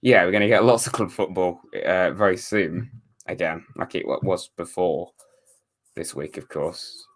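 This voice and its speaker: A man's voice: low-pitched, fairly even intonation, normal speed. A young man from England hosting a live stream, chatting casually and answering viewer comments with rambling, wry asides. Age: young adult. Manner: rambling, self-correcting, wry sarcastic asides. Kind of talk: casual watchalong chat reading viewer comments.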